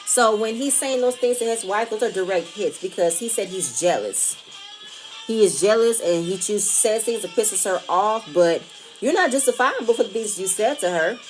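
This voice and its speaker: A woman's voice: mid-range voice, expressive, moderate pace, faint music behind. A young woman giving casual commentary on a reality show, rambling and restarting phrases, emphatic and opinionated. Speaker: reality TV recap vlogger.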